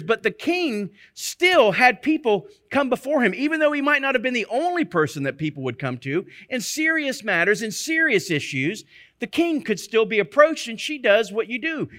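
A man's voice: very high-pitched, bright, forceful tone. A man teaching from the Bible in a conversational sermon, often checking in with his listeners through rhetorical questions. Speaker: preacher.

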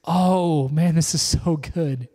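A pastor delivers a sermon at a church service, filmed with a camera mic that picks up a long hall reverb. His voice is on the high side, dark, and slow, and he preaches earnestly and emphatically, repeating phrases as he builds his points.

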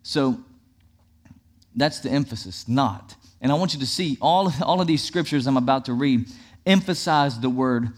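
Emphatic pastor preaching. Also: male voice, medium pitch, normal speed. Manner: emphatic, repetitive preaching cadence. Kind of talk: sermon.

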